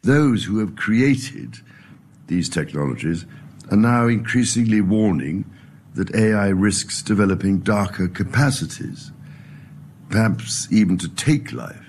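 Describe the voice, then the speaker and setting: An older man with a British accent giving a formal, measured public speech, played as an archive clip. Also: on the low side, darkish tone, slight background noise.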